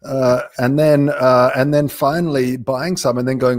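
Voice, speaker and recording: A man's voice: mid-range voice, steady tone, measured pace, few pauses, dry recording, studio quality. A man on a discussion panel, talking animatedly with some stammering and acted-out quotes. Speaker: panel guest. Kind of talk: casual discussion.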